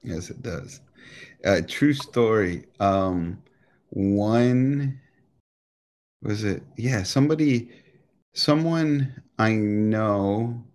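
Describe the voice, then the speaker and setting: A man, co-hosting a podcast in a low voice. He rambles through loose, profane banter and stays joking throughout. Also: drawn-out words, long pauses, darkish tone. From United States. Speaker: podcast co-host.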